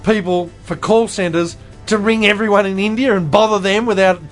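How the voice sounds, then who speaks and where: A man co-hosting a comedy radio show, trading dry, sardonic quips and quick asides. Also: high-pitched, fairly even intonation, faint music behind.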